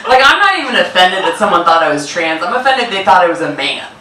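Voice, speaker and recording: A woman's voice: on the low side, big pitch swings, fast talker, a little hiss or hum. A young adult woman from Washington state doing a stand-up comedy set in a club, with dry punchlines and voices for the people in her stories. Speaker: stand-up comic. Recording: roomy club, distant mic, loud laughter. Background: loud audience laughter.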